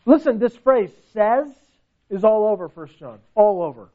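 A man's voice: very animated, normal speed, phone-quality sound. A man preaching a sermon with emphasis, asking the listeners question after question. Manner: emphatic, rhetorical questions, pitch swings widely.

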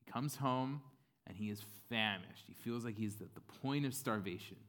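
A man's voice: mid-range voice, normal speed, a bit bright. A man preaching a sermon in a casual, conversational way, with plenty of fillers. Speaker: pastor.

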